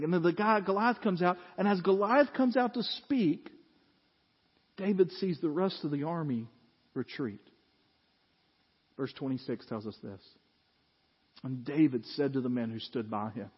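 A man preaching a sermon, telling a story with animated acted-out voices and frequent laughs. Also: fairly high pitch, normal speed, long pauses, slightly rough. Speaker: pastor. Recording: dull lo-fi audio with long hall reverb.

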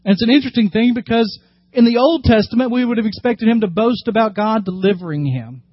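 High-voiced male pastor preaching. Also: quick pace, dry recording, dull audio. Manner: animated, acts out scripture quotes with rising emphasis; drops to a low, quiet tone for serious points. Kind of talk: sermon.

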